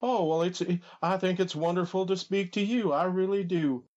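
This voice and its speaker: A man's voice: high voice, moderate pace, a little mellow, lo-fi sound, natural voice. A man doing an impression of a rambling old wrestler with a folksy drawl, on a comedy podcast.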